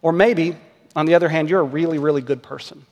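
Male pastor, sermon, thirties, earnest and measured delivery, rhetorical questions, slightly raised pitch, long church reverb. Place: church sanctuary.

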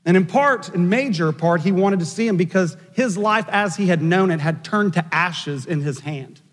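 A man with a rather high voice preaches a sermon, moving from a wry anecdote into measured, emphatic points. His words ring out with a long reverb from the church sanctuary around him. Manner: storytelling with dry asides, measured emphatic delivery. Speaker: pastor.

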